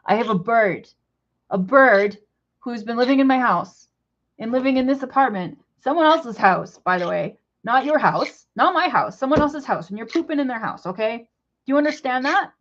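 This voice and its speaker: A woman's voice: fairly high pitch, expressive, moderate pace, muffled recording. Exasperated woman lecturing her pet bird. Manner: exasperated, repetitive, lecturing in simple broken phrasing. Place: apartment indoors.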